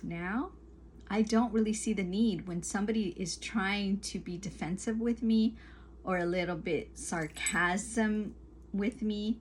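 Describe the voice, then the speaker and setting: A woman's voice: mid-range voice, a little slow, slight background noise. A woman talking to camera as a spiritual coach, giving earnest advice in emphatic, repetitive lists.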